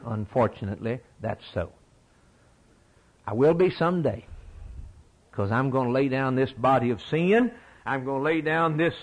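A man's voice: mid-range voice, poor audio. A middle-aged man preaching a sermon in a folksy, emphatic way, repeating his key phrases.

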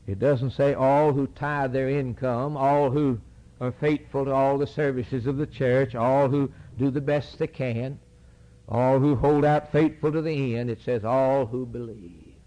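A man's voice: medium pitch, steady tone, measured pace, dark tone, poor audio. A man preaching a sermon, reading scripture aloud and driving points home through repeated phrases.

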